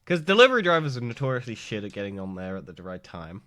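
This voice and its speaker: A man's voice: lowish voice, big pitch swings, fast, fairly bright tone, dry recording, clean studio sound. A young man co-hosting a podcast in a casual chat, teasing and laughing often. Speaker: podcast co-host.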